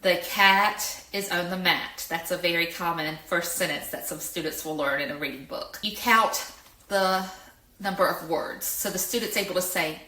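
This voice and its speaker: A middle-aged woman explaining reading skills in a lesson, slow and clear, and she stresses each example word. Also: on the low side, sharp tone. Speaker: educator. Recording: echoey room.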